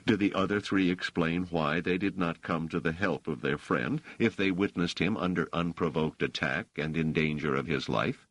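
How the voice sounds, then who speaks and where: A man's voice: sits low, moderate pace, hardly any pauses, fairly bright tone, no echo. A man voicing an indignant scholar who answers accusations firmly, hotly and grimly. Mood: defiant. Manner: firm, hot and grim. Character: indignant male scholar under questioning.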